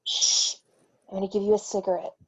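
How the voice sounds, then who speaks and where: A woman's voice: lowish voice, steady tone, a little fast. A woman reading the part of a desperate middle-aged male doctor held captive, clipped and insistent, in an amateur table read. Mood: urgent whisper. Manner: clipped, insistent, rising to shouting. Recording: dull lo-fi mic.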